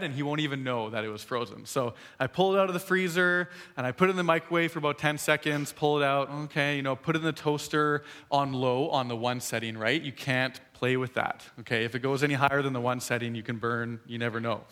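A man's voice: fairly quick, few pauses. A man in his thirties telling a funny story to a live audience, acting out the quotes in a raised voice and laughing as he goes. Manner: animated, acts out quotes in a higher voice, laughs while telling.

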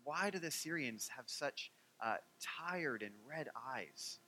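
A man voicing a brash, rude adult man who wants to win a bet, speaking loudly and impatiently. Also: mid-range voice, lively intonation, takes it slowly, slight background noise, full character voice, rough recording.

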